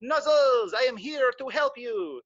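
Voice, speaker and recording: A man's voice: extremely high pitch, expressive, unhurried, a bit bright, voice pushed up, heavily acted. A man doing an eager young flying squirrel. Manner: earnest, bursting to help. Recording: dull, dry lo-fi stream audio.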